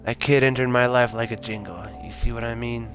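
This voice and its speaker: A man voicing a bitter aging male ex-thief who talks over old times in a taxi in a gruff, unhurried way, as a reading from a story game. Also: mid-range voice, steady tone, fairly bright tone, soft background music, lightly acted.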